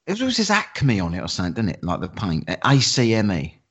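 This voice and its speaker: A man's voice: fairly low pitch, wildly swooping pitch, fairly quick, fairly bright tone, slightly rough, lo-fi sound. A man hosting a podcast in casual chat, teasing his co-host and swearing freely.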